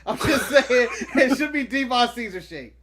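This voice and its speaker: A man's voice: very high voice, expressive, normal speed, crowd noise. A man co-hosting a casual podcast chat, laughing often and joking around. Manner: laughing, jokey, acts out silly quotes. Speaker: co-host.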